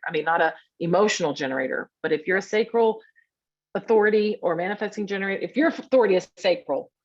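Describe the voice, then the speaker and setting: A woman leads a workshop in a relaxed, chatty way, speaking at an ordinary pitch. She slips in asides and acts out short grunts and hums to make her points. Her voice comes through a video call with slightly muffled, lo-fi sound. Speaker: workshop teacher. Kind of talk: casual teaching on a video call.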